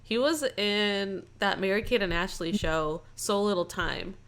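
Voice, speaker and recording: Young female podcast co-host, animated and giggly, fills her talk with "like", mid pitch. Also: a little slow. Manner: animated, laughs often, frequent "like" fillers. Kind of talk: casual chat reviewing a movie.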